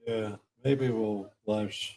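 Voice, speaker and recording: A man's voice: on the low side, fairly even intonation, slow pace, dark tone. A man co-hosting a live wrestling watch party stream, making jokey, teasing asides in a casual chat.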